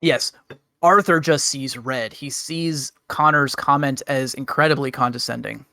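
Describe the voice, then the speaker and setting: A man's voice: mid-range voice, fairly even intonation, a little slow, vocal fry, sharp tone, no echo, studio quality. A man running a tabletop game as game master, easygoing and laughing often.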